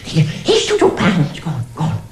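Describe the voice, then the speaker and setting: A man's voice: on the high side, huge pitch swings, moderate pace, echoey room, slight background noise. A man voicing a dotty, fussing old grandmother, repeating herself in nonsense chants. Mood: doting.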